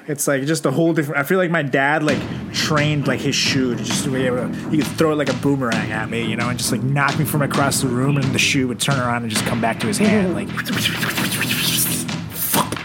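A young man co-hosting a casual podcast, crude and joking, often acting out loud voices. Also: medium pitch, fairly quick, loud music behind the voice. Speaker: podcast co-host.

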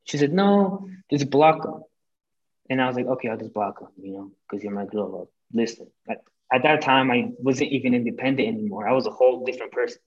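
A young man, a podcast guest, telling a breakup story in casual chat, animated and full of swearing, acting out what people said. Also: mid-range voice, a little fast, lo-fi sound. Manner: animated, profane, acts out quoted lines.

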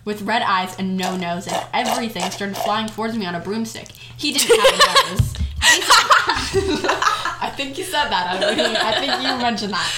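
A woman's voice: medium pitch, a little fast, very noisy. A young woman co-hosting a casual podcast, reading a fanfic aloud in a giggly, mock-dramatic way with frequent laughs. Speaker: podcast co-host. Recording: echoey room on a home mic.

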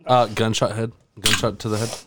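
A man's voice: lowish voice, level tone, moderate pace, heavy background noise. A young man co-hosting a podcast, trading crude teasing jokes in rowdy casual chat. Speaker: podcast co-host.

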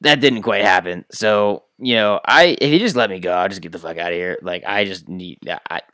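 A man's voice: sits low, fairly quick, a bit bright, no room sound, studio quality. A man voicing a beefy, foul-mouthed kobold prisoner in a tabletop game, talking in a stammering, pleading way. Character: beefy captured male kobold, crude and desperate.

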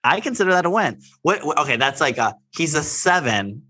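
Man, podcast co-host, sassy, playful, bright tone, dry close sound. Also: on the high side, very animated, fairly quick, no room sound. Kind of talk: casual gossip chat.

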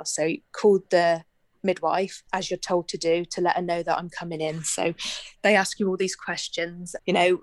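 A woman's voice: lowish voice, steady tone, moderate pace, dry recording. A woman from Bristol, telling a personal anecdote in a chatty way and laughing often. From Bristol, England. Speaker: guest telling a story. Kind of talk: casual anecdote.

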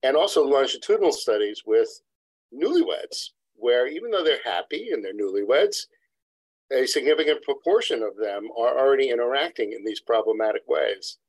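A man's voice: mid-range voice, lively intonation, normal speed, no room sound, poor audio. A man, a couple therapist, explains research in a lecturing, digressive way as an interview guest. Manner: lecturing, digressive, acts out quotes. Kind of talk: expert explaining in a podcast interview. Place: New York City practice.

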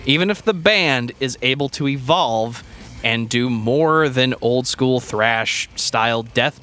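A man's voice: mid-range voice, takes it slowly, bright, forceful tone. Sarcastic co-host, a man with a medium voice and a blunt, sweary way of talking, faint music in the background. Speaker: podcast co-host. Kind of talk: casual chat.

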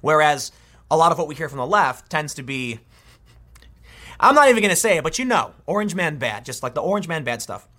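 A man's voice: a little high, animated, fairly quick, pauses often, pushed and bright. A man giving an opinionated commentary monologue, emphatic and often restarting his sentences. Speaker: political commentator.

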